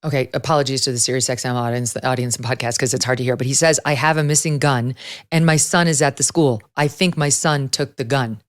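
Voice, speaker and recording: A middle-aged woman hosting a talk show, blunt and brisk, arguing her point. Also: very deep voice, fairly even intonation. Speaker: host.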